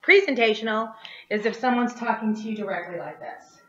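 A woman teaching a theater class online, animated and chatty, often checking in with a quick "right?". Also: fairly high pitch, muffled recording.

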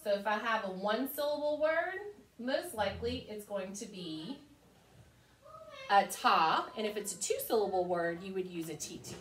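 Animated woman teaching a music lesson. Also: medium pitch, normal speed, slight background noise. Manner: cheerful, chanting rhythm syllables. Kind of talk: online music lesson for children. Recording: echoey room, mic far off.

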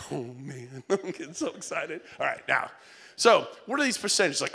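A fifties man speaking to a live audience with a fairly high, animated voice. He jumps from hushed, almost whispered lines to loud shouted peaks, laughing now and then as he works the crowd. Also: brisk, creaky. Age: 50s. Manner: energetic, shouting peaks and dropping to near-whisper; laughs mid-sentence, talks to the crowd. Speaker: real estate speaker. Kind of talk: motivational stage speech. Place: event hall before an audience.

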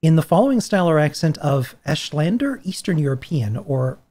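A woman's voice: deep voice, big pitch swings, brisk, warm tone. Upbeat woman hosting a podcast. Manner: upbeat, cheering guests on. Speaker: podcast host. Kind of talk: casual livestream chat.

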